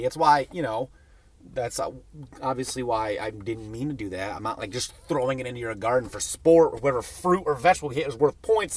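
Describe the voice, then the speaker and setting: A young man telling a funny personal story in a rambling, profane, self-mocking way. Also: mid-range voice. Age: young adult.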